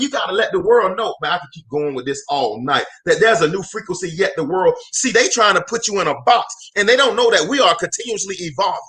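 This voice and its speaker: A man's voice: high voice, sharp tone. A man from Alabama giving a preacher-style motivational talk, emphatic and repetitive, calling out to listeners by name. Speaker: motivational host.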